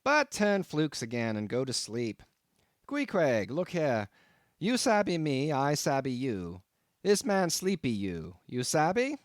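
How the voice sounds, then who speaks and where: Brief: a man playing a grinning innkeeper, unhurried and amused, lively voice. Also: fairly high pitch, dry recording, clean studio sound. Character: grinning middle-aged male innkeeper, teasing.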